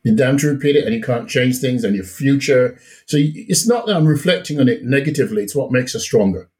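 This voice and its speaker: A middle-aged man with a Jamaican accent mixed with British, telling stories as a guest in a casual conversation, relaxed and often laughing. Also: medium pitch, quick pace. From Jamaica and England. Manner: relaxed, laughs often, repeats words as he restarts. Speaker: podcast guest.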